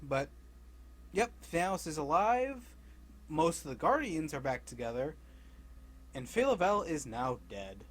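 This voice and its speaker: A man's voice: a little high, very animated, a little slow, pauses often, a bit bright. Rambling young man recapping comics. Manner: rambling, laughs often, acts out characters' lines loosely. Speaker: comic book recap creator.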